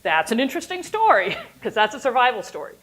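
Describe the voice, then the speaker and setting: Woman teacher with a somewhat high voice, playful and animated, leading a lecture on story. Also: quick pace, rough recording. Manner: animated, playful, laughs at her own jokes, cheers and boos along with the story. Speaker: university teacher giving a workshop class.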